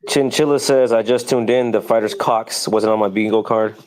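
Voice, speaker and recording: A man's voice: lowish voice, fairly even intonation, moderate pace, darkish tone, clear, resonant tone, low-quality recording. A man co-hosting a casual podcast, reading viewer comments aloud in an offhand, wisecracking way.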